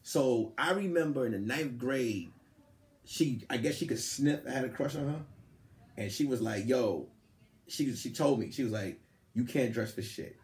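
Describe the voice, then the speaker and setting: A man hosting a podcast, telling a story in casual chat and acting out the quotes. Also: moderate pace. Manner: animated, acts out quotes with big jumps in pitch. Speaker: podcast host. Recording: roomy echo.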